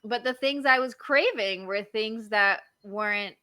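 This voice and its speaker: A woman's voice: a little high, a little slow, sharp tone, clear, resonant tone, no room sound. A woman in her thirties, a marriage coach, chatting casually on a podcast and telling stories full of fillers. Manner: chatty storyteller, lots of likes and you-knows.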